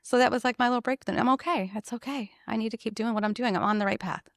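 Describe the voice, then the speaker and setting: A woman who owns a salon, telling an emotional personal story in an animated, conversational way and laughing often. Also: a little high, very fast, no room sound, studio quality. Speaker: salon owner.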